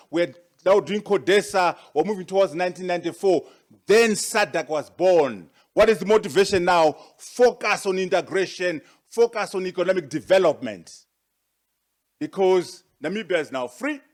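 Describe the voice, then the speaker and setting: Male guest speaker, high voice, rhetorical and forceful, formal address. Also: normal speed. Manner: rhetorical and emphatic, with repeated questions; forceful, with sharp rises for emphasis. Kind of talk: formal presentation to an audience.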